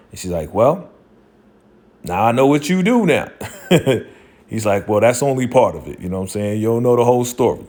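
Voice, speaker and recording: A man casually recapping a TV episode, acting out the characters' lines in a loose, slangy way. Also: mid-range voice. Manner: animated retelling, acting out quotes with slang. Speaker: TV show recap host.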